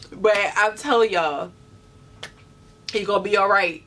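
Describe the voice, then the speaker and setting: Earnest young woman vlogger, bright voice. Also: medium pitch, unhurried. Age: 20s. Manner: earnest, encouraging, many "you know" fillers. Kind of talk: heartfelt talk to camera.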